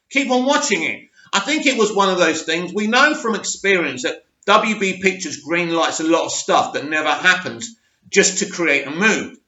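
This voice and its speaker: Excitable man in an echoey room. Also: a little high. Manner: excitable, rambling, frequent restarts. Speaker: movie news channel host. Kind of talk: casual opinion vlog. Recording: echoey room, dull lo-fi sound.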